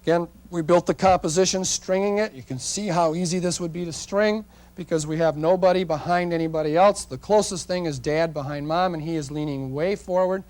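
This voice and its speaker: A man's voice: on the high side, a little fast, darkish tone. A middle-aged man teaching portrait photography at a live seminar, telling chatty, folksy stories about his shoots and talking straight to the audience.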